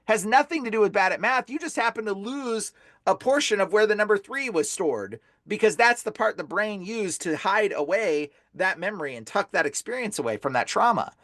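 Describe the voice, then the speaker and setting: Animated man telling stories, saying bro. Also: high voice, dry recording, studio quality. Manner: animated, says "bro" constantly. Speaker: podcast guest, exorcist. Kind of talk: casual storytelling on a podcast.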